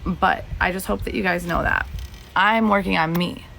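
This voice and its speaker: A woman's voice: on the low side, steady tone, normal speed, creaky, fairly bright tone, soft background music. A woman in her thirties streaming live to viewers, talking through personal matters in a rambling, heartfelt way with many fillers and restarts, a little teary. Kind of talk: emotional personal talk to viewers.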